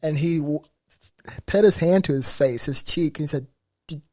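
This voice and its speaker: A man from Missouri, a fighter guest on a podcast, recounting stories in a relaxed way with fillers. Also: on the high side, normal speed, dry recording, studio quality. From Missouri, USA. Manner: relaxed anecdotal telling with fillers. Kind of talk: casual interview chat.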